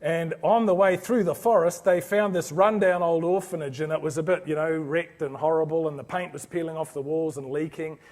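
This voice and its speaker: A man's voice: a little high, steady tone, fairly quick, hardly any pauses, darkish tone. A man giving a motivational business talk to a live audience, telling a story in an earnest, anecdotal way with frequent restarts. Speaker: business speaker presenting to an orthodontics audience.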